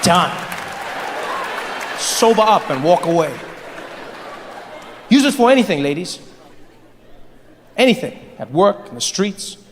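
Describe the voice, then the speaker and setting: A man performing a stand-up comedy set, animated and playful, on a large theater stage. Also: sits high, a little slow, long pauses, a faint crowd. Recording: long hall reverb, faint noise.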